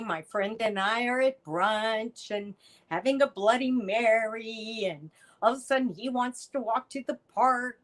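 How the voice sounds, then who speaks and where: A middle-aged woman, a podcast guest, telling a personal story in an animated way and acting out the voices of the people in it. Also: a little high, poor audio. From United States. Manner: animated storyteller, acts out quoted lines. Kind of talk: storytelling interview chat.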